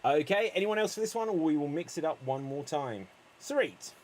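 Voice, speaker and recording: Guy hosting improv on a video call, slightly high voice, swoops around a lot, faint hiss behind. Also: lively intonation, a little mellow. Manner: upbeat, quick to laugh. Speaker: improv host. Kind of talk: live online improv show.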